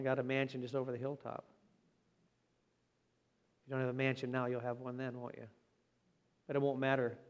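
A man preaching a Sunday sermon in an earnest, plain-spoken way, slowing down for emphasis. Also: mid-range voice, a little mellow, muffled recording. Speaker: pastor. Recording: long hall reverb.

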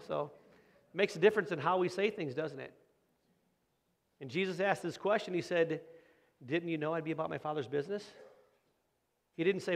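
Gravelly-voiced man preaching a sermon. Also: on the high side, a little fast, pauses often. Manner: conversational preaching with rhetorical questions; acts out quoted voices of kids and parents. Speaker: pastor.

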